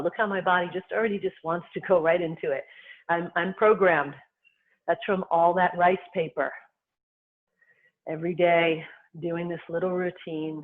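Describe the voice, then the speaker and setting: Qigong teacher on a tinny line. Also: mid-range voice. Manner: calm, unhurried cueing in short phrases. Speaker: qigong instructor. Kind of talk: guided movement and breathing instruction. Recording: tinny phone-like sound.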